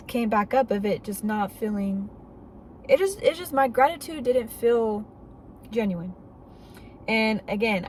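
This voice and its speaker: A woman's voice: mid-range voice, a little mellow, slight background noise, rough recording. Earnest woman sharing her faith story. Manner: earnest, candid, conversational with fillers. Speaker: faith vlogger. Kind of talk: personal testimony storytelling.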